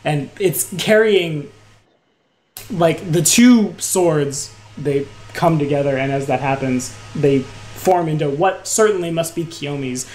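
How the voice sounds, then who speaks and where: Slow, low-voiced woman game master. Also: rough recording. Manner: unhurried, relaxed, with lots of "like". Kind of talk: narrating a tabletop game.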